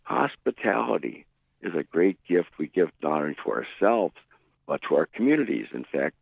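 A man's voice: sits low, very animated, moderate pace, vocal fry, slightly rough, no room sound. A middle-aged man preaching a radio sermon, telling stories and acting out the voices of the people in them. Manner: storytelling, acts out quoted voices. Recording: tinny phone-like radio broadcast.

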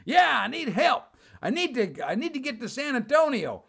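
A man's voice: extremely high pitch, sing-song, moderate pace, creaky, fairly bright tone, breathy edge, voice pushed up, full character voice. A man voicing a simple-minded, lost male traveler who pleads over and over for help. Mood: pleading. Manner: repetitive, plaintive pleading.

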